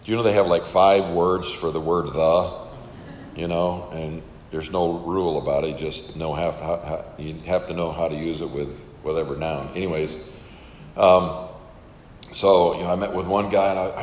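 A man's voice: low voice, steady tone, normal speed, a little mellow, echoey room, in a large hall, a little hiss or hum. An older man who is a missionary, casually telling a story to an audience and acting out the dialogue. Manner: casual, chatty, acts out quoted dialogue.

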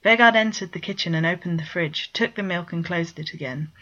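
Woman, low voice, story reading, steady narration, lo-fi dull recording. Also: brisk. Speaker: story reader. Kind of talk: reading fan fiction aloud.

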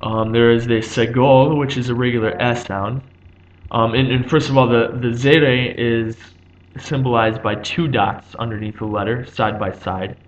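A man's voice: medium pitch, fairly even intonation, unhurried, muffled recording. A man giving an unscripted explanation like a teacher. He thinks aloud, with frequent ums and restarts.

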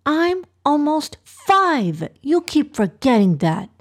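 A woman voicing a stubborn four-year-old girl with a whiny, childish manner and a high, breathy voice. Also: big pitch swings, a little slow, mellow. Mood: sulky.

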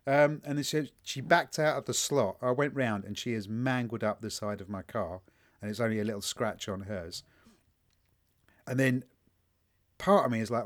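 A male podcast co-host speaks at normal speed with a medium pitch. The conversation is casual, and he spins stories laced with swearing, acting out quotes energetically.

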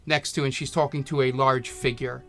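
A man narrating as game master in a tabletop game, talking haltingly with many fillers. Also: mid-range voice, level tone, a bit bright, faint music behind.

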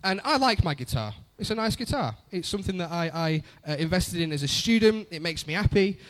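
A man's voice: high-pitched, expressive, brisk, a bit bright. A young adult man preaching a conversational sermon, often repeating phrases for emphasis. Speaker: pastor.

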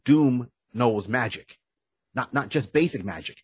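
A man's voice: mid-range voice, animated, unhurried, slightly rough, no echo. A man co-hosting a podcast in casual chat, animatedly retelling stories and acting out characters' lines. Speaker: podcast co-host.

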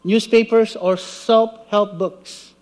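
High-voiced man preaching an animated sermon. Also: takes it slowly. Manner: animated storytelling, acting out voices.

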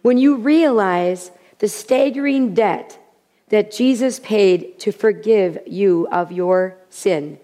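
A woman preaching a sermon with humor, animated, often repeating her key phrases. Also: mid-range voice, takes it slowly. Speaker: women's speaker. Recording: long hall reverb.

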